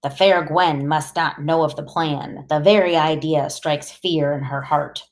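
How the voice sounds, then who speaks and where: A woman's voice: sits low, steady tone, measured pace. A woman voicing a small clever boy who talks in formal, lofty words and bosses others around. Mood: grandiose. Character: small clever sick boy, bossy and grandiose.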